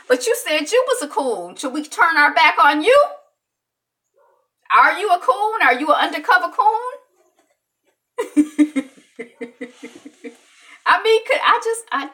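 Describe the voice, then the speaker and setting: Woman, talk show host, rambling casual opinion talk, high bright voice, a little off-mic. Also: moderate pace, far from the mic. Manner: rambling, animated, with many restarts and acted-out quotes.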